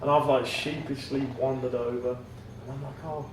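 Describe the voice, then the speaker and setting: An Englishman rambles through anecdotes, laughing often and swearing freely. His voice sits back from the mic in an echoey room, with clear noise underneath. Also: medium pitch, flat delivery, moderate pace, distant mic. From England. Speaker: guest, comic writer. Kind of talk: casual storytelling chat. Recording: roomy, off-mic, noisy podcast.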